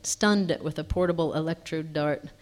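A calm, gaunt scientist from a read-aloud story who speaks softly and matter-of-factly, read by a woman in her own fairly low voice. He keeps an even, unbothered tone. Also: normal speed, lightly acted.

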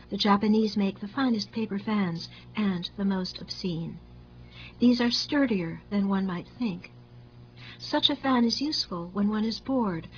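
A woman narrating a literary story in a measured, wry and deliberate way. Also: medium pitch, dull audio, a little hiss or hum.

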